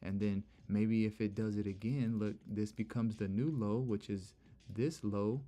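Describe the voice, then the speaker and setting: Chill young guy streaming live, low mellow voice, keeps saying look and bro. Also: steady tone, measured pace. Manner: chatty, repeats "look" and "bro". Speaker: livestream trading host. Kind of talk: casual live stream commentary.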